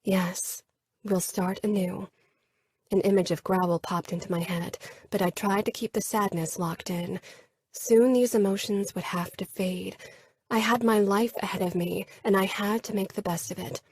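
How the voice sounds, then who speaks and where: Woman reader for first-person romance narration, breathy and close. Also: medium pitch, steady tone, moderate pace, a little mellow. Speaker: audiobook narrator.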